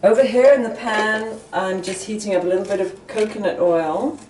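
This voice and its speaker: A woman hosting a casual home cooking show, chatty, giving brisk instructions as she cooks. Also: medium pitch, a little mellow, a little hiss or hum. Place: home kitchen. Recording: roomy kitchen, mic at a distance.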